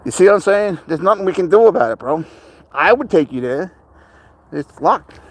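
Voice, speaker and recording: A man's voice: high voice, animated, moderate pace, no echo. A man walking his cat outdoors, chatting casually to the camera and talking to the cat like a buddy. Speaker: pet vlogger. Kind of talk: casual vlog talk to camera and pet. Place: outdoors, walking near a cemetery.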